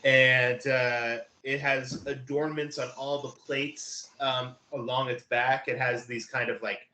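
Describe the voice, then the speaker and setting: Bright-voiced game master man. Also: medium pitch, level tone, reverberant, poor audio. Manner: descriptive, halting with many fillers. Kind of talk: narrating a tabletop game.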